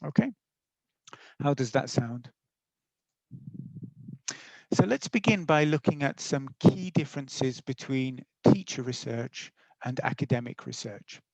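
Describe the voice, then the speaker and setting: A man's voice: mid-range voice, lively intonation, a little slow, creaky, pauses often, darkish tone, no echo, rough recording. A middle-aged man, a teacher educator, presenting a webinar in a friendly, explanatory way with small fillers and self-corrections, over a video call mic.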